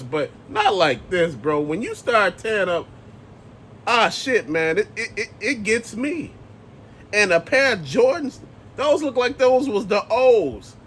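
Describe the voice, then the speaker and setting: Profane ranting man, high voice. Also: a bit bright, a little hiss or hum. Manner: profane, emphatic, heated ranting. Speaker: channel host. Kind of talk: ranting commentary vlog.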